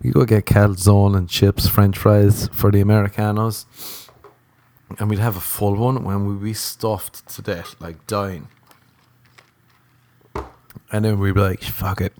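A man tells a rambling story in casual conversation, swearing freely and laughing at his own tale. His voice sits a little low with a warm, relaxed tone. The recording is close and dry. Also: measured pace, pauses often, dry recording. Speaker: comedian.

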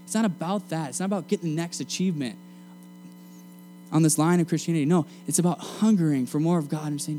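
A young man preaching a sermon to a room of students in a casual, energetic, slangy way. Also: a little high, fast talker, faint music behind. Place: meeting room.

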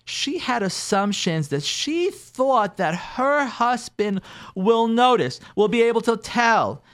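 A man, a rabbi, telling a story in an animated way and acting out each character's lines. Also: very high-pitched, slow pace, clean tone. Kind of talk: storytelling talk.

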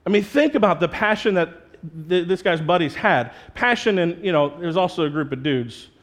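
A man preaching a sermon as pastor, talking in a conversational, animated way and slipping into playful quoted voices. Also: high-pitched, moderate pace.

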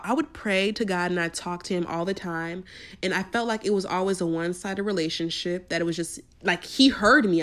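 A young woman hosts her own podcast and talks casually about her faith. She tells stories with lots of slang and emphasis. Her voice sits at a middle pitch. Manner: animated storytelling, slangy and emphatic. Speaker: podcast host.

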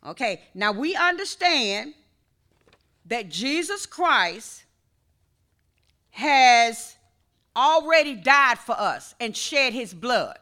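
A woman pastor delivers a sermon in a high, bright voice. She speaks slowly and deliberately, leading prayer and then teaching with call-and-response. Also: very animated.

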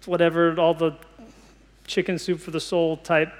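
A man's voice: fairly high pitch, monotone, moderate pace. Earnest man preaching in a reverberant hall. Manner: earnest, conversational, with many restarts. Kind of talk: sermon.

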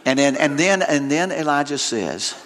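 Male preacher, sermon, high voice, sharp bright tone, dramatic storytelling, repeats words. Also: lively intonation, normal speed. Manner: retells scripture dramatically with frequent word repeats.

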